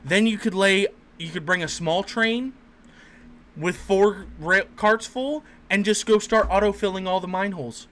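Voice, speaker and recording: A man on a gaming podcast who lays out elaborate plans in profane, hyped casual talk. His voice is high and sharply bright. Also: a little slow. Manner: profane, hyped, building schemes step by step. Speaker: podcast co-host.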